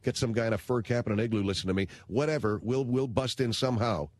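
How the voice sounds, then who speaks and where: A man's voice: medium pitch, fast talker, no echo. A man hosting a radio talk show, ranting in a blunt, slangy, indignant way into a studio microphone.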